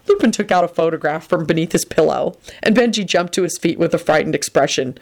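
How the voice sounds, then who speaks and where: A woman reading a story aloud with expressive storytelling. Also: on the low side, a little fast, few pauses. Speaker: reader. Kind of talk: reading fan fiction aloud.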